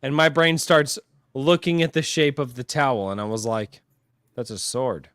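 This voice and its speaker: Male podcast host, excitable storyteller with salty language, tired, dry close recording. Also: medium pitch, moderate pace, clean tone, no room sound. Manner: excitable storyteller, heavy swearing. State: tired from a long sleepless day. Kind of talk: casual chat.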